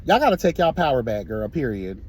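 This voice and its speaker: A man's voice: mid-range voice, very animated, a little fast, darkish tone, slight background noise. A man giving an impassioned, sassy straight-talk monologue as a vlogger while driving, recorded on a phone. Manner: sassy, emphatic, keeps calling listeners girl.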